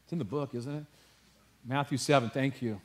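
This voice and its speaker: A man preaching a sermon with passion, dropping to a hush and rising to emphasis, with casual asides to his congregation. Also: medium pitch, moderate pace. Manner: passionate, swings from hushed to emphatic. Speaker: pastor.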